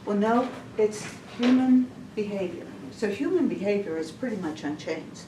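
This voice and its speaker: A woman with a medium-pitched, lively voice speaks at normal speed, giving an informal testimony at a church women's session. She's chatty, laughs often, and keeps stumbling into restarts. The church hall recording is noisy and echoey, with the mic far away.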